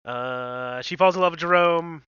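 A man's voice: on the high side, unhurried, sharp tone, clear, resonant tone, dry recording. Sardonic young man, dry lo-fi mic. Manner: blunt, crude, sardonic. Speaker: podcast co-host. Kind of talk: casual movie review chat. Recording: dry, dull lo-fi sound.

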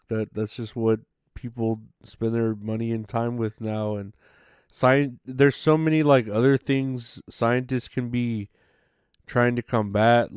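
A man's voice: medium pitch, darkish tone, clear, resonant tone, no echo, clean studio sound. A man hosting a comedy podcast, rambling in a casual monologue full of fillers and swearing. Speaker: podcast host.

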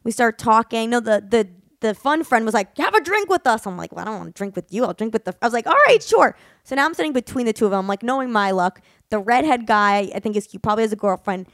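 A woman's voice: fairly high pitch, quick pace, no room sound, studio quality. Chatty young woman telling a story. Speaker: podcast co-host and stand-up comedian. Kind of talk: casual chat, storytelling.

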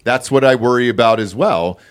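A man's voice: mid-range voice, fairly quick, clear, resonant tone. A man co-hosting a podcast in casual chat, worked up, rambling and swearing. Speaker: podcast co-host.

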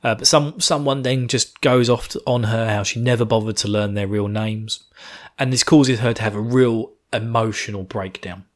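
A man, chatting casually as a podcast host reviewing an anime, animated and laughing often. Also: on the low side, normal speed. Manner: animated, laughs often, acts out characters' lines.

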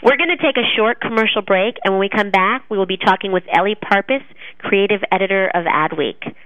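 An upbeat woman hosts a radio talk show in a mid-pitched voice. She chats easily with her guest and laughs often. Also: brisk, narrow, tinny audio. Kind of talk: casual interview.

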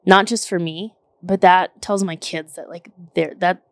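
A woman in her thirties telling a story in casual chat, animated and emphatic, full of "like" and the odd curse word. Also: lowish voice, measured pace, dry recording. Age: 30s.

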